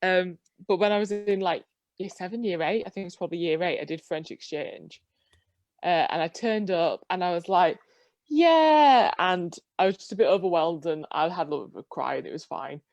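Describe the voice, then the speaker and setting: A woman's voice: on the low side, fairly quick, darkish tone, no echo, highs cut off. A young woman, a podcast co-host, chatting and telling a self-mocking story. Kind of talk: casual storytelling chat.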